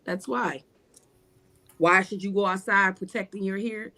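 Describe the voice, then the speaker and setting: A woman talks on a livestream panel with an emphatic, sermon-like rhythm, stacking up repeated phrases. Her voice sits in a middle pitch for a woman, and her delivery stays casual and conversational. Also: steady tone, measured pace, bright, forceful tone. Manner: emphatic, repetitive preaching cadence. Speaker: guest.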